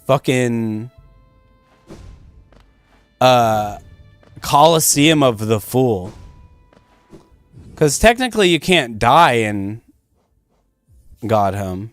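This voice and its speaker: A man's voice: medium pitch, clear, resonant tone. Rambling, foul-mouthed male game streamer. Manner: rambling, chatty, swears freely. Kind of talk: casual gameplay commentary.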